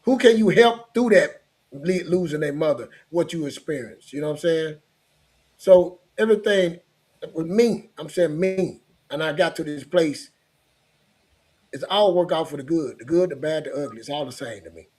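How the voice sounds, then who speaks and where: A man's voice: on the high side, normal speed, a little mellow. A middle-aged man talking in a casual chat, earnest and rambling, often repeating himself.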